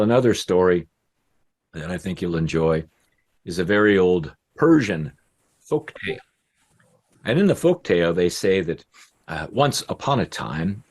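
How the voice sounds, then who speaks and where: A professional male storyteller telling a folk tale with rhythmic, repeated phrases. His husky voice sits fairly low and moves slowly. His pitch swings widely as he performs. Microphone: pre-made recording.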